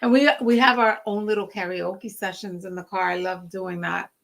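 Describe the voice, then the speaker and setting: Gravelly-voiced woman with Latin accent. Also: mid-range voice, fairly even intonation, moderate pace. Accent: Latin American. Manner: agreeable, affirming. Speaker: co-host. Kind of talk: casual chat.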